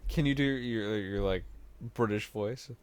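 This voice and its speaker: A woman's voice: extremely low pitch, unhurried, no echo. A woman co-hosting a game stream, teasing her partner and slipping into goofy voices. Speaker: streamer co-host. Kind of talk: casual let's-play banter. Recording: loud game music behind her.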